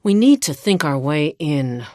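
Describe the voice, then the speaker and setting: A woman voicing a brainy, condescending small female asura scholar in a video game, speaking in a crisp, precise way over game music. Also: low voice, big pitch swings, a little slow, a little mellow, dry recording, studio quality. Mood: haughty. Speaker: Priory agent.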